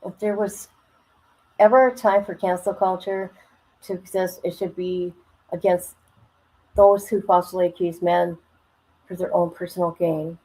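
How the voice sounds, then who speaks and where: A woman giving blunt, sarcastic reaction commentary over a video, incredulous and quick to swear. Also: fairly low pitch, fairly even intonation, mellow, rough recording. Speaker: reaction streamer.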